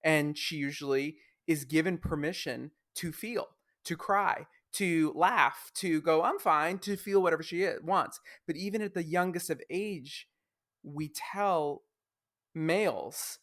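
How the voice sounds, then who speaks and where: A man with a somewhat higher voice hosts a podcast and tells a story with energy. He acts out the people he quotes and swings his delivery up and down as he goes. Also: measured pace, fairly bright tone. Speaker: podcast host. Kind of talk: conversational storytelling.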